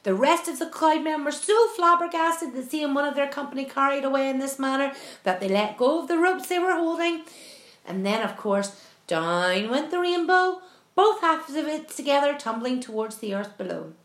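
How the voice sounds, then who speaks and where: A woman reading a children's story aloud with expressive, animated narration. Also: high-pitched, normal speed. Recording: roomy echo.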